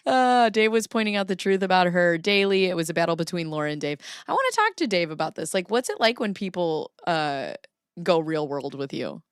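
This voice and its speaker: A middle-aged woman streamer with a smooth, very clear voice on the lower side. She chats playfully, laughs often and answers her viewers between reading court papers. The sound is close and dry, with no room around it. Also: sing-song, fairly quick, dry recording. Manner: chatty and playful, laughs often, talks back to chat. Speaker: livestream host. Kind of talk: casual livestream chat, reading court filings aloud.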